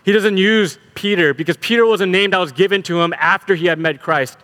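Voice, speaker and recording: Animated male preacher in a reverberant hall. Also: high-pitched, fairly quick. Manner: animated, repeats words when building emphasis. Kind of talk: sermon.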